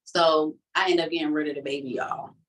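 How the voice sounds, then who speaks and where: Low-voiced woman telling her testimony. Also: fairly even intonation, a little fast, fairly bright tone, far from the mic, low-quality recording. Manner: emotional, candid and colloquial, full of fillers. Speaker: person giving a church testimony. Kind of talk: personal testimony storytelling.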